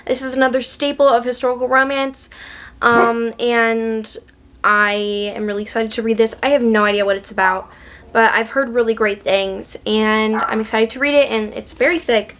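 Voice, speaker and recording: A woman's voice: a little high, steady tone, normal speed, fairly bright tone, a little hiss or hum. A woman book vlogger in a casual chat, gushing and chatty, with lots of ums and likes.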